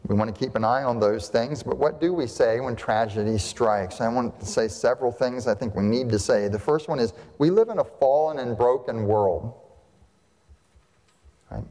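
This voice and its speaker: A man's voice: mid-range voice, moderate pace, warm tone. A male pastor delivering a sermon to his congregation, emphatic, with rhetorical questions and repeated phrases. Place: church sanctuary. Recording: long hall reverb.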